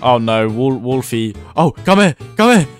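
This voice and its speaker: A young man giving excited, reactive commentary over his own gameplay as a gaming YouTuber. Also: mid-range voice. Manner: excitable, yelps and laughs, quick reactions. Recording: faint background music.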